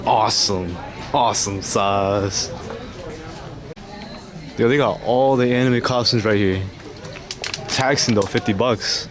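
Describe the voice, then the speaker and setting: A young man casually vlogging with a camcorder, slangy and quick to laugh. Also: a crowd in the background. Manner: slangy, laughing, baby-talks to his dog in a much higher voice. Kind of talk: casual vlog chat. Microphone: handheld camcorder. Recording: noisy street ambience, vehicles.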